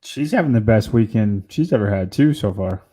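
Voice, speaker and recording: A man on a podcast talking in a measured way, giving confident predictions. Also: on the low side, expressive, dark tone. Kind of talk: casual podcast chat.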